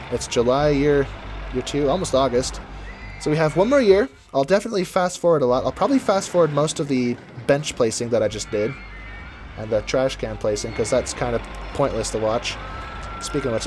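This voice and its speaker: A man casually commenting on his game as he plays, chatty and rambling, correcting himself as he goes, from the United States. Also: medium pitch. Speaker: gameplay commentator. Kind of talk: casual let's-play commentary.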